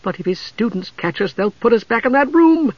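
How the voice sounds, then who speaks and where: A man voicing a nervous, wary young woman who speaks softly with a tremble, on a dull lo-fi recording. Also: very high voice, expressive, brisk, no echo, voice pushed up. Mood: fearful. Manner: soft-spoken, hushed, tremulous. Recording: dull lo-fi audio.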